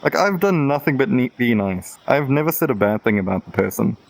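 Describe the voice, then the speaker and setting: A man's voice: medium pitch, lively intonation, a little fast, creaky, poor audio. A man guest on a podcast, candidly telling a personal story in casual chat, acting out both sides of the exchanges and laughing now and then. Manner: candid, rambling storytelling with quoted back-and-forth.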